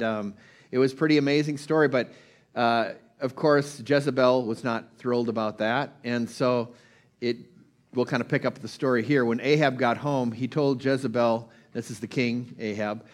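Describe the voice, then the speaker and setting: A man giving an informal sermon, retelling a Bible story in a conversational way, with plenty of fillers and restarts. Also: mid-range voice. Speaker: preacher. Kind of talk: casual sermon.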